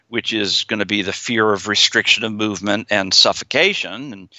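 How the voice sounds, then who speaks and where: Bright-voiced male psychologist. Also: mid-range voice, no echo. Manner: acts out fearful inner voices. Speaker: psychologist guest. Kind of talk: explaining in an interview. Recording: slightly dull, dry sound.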